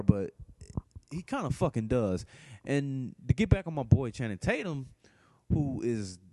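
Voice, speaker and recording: A man talks through a movie review in a loose, rambling way, swearing freely and restarting his sentences. His voice is dark and mellow. The recording is dry and close, with no room sound. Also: mid-range voice, dry recording. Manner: profane, blunt, rambling with many restarts. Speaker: film reviewer. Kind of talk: casual spoken movie review.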